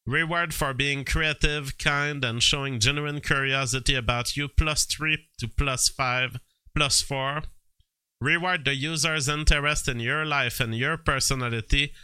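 Guy doing slow rambly commentary, lots of ums, bright crisp voice, dry close mic. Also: medium pitch, fairly even intonation, dry recording. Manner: slow, halting delivery with fillers, bursts of disbelief. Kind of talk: casual commentary reading from screen.

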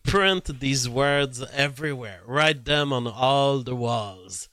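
A man's voice: mid-range voice, expressive, measured pace, few pauses, bright, forceful tone, dry recording. A man, a blunt and profane political commentator, reading posts aloud and giving his opinion on them in casual talk.

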